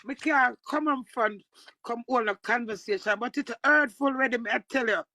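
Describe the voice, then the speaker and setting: A Jamaican woman delivering an impassioned, swearing livestream rant, breaking into shouts. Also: on the high side, moderate pace, dry recording.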